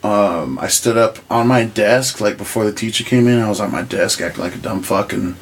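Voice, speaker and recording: A man's voice: fairly low pitch, a little fast. A man on a podcast chatting casually, swearing freely and laughing as he talks. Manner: laid-back, profane, laughs while talking. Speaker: podcast co-host. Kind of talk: casual chat.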